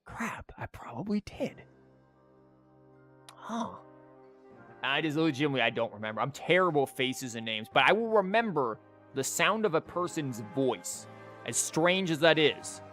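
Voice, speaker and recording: A man's voice: on the high side, lively intonation, fairly quick, a bit bright. A man chatting casually on a live stream as he thinks aloud, rambling and packing his talk with "like" and restarts. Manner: rambling, filler-heavy, full of "like" and restarts. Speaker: streamer and teacher. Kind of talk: casual live-stream chat while theorycrafting. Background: faint music.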